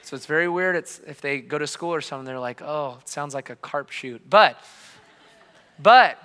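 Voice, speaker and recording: A man in his thirties preaching a sermon as a pastor, telling his story passionately, dropping quiet and then rising loud. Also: a little high, normal speed, smooth, big-room sound. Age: 30s. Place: church hall.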